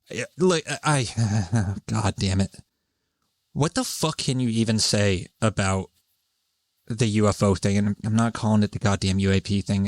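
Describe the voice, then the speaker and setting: A man's voice: medium pitch, no echo. Rambling, foul-mouthed man on a dry mic. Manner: rambling, profane, exasperated; laughs often while talking. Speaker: podcast host. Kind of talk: casual solo monologue.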